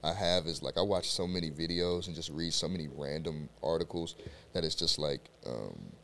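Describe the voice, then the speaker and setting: Very deep-voiced young man chatting. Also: normal speed, creaky, slight background noise. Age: young adult. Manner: relaxed, rambling, filler-heavy. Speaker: podcast co-host, student athlete. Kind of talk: casual chat.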